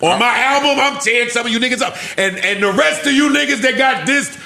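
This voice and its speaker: A man co-hosting a podcast, talking in casual, playful banter and telling lively stories. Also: very high-pitched, brisk. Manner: animated, playful storytelling. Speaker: podcast co-host.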